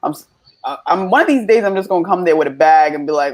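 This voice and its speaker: A playful woman co-hosts a casual podcast, her pitch swinging up and down as she talks. She breaks into little acted-out voices and laughs often. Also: lively intonation, fast talker, darkish tone. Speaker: podcast co-host. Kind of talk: casual chat.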